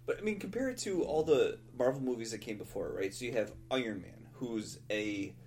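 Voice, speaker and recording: A man's voice: mid-range voice, animated, brisk, a little mellow, a little hiss or hum. A man co-hosting a movie podcast, eagerly laying out his points about the film. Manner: enthusiastic, builds arguments. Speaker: podcast co-host. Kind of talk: casual movie chat.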